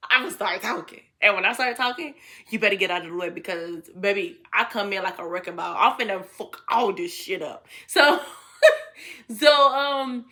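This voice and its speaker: A woman's voice: mid-range voice, a little fast, bright, forceful tone. A woman vlogger telling a personal story in a blunt, casual way, swearing freely and laughing often.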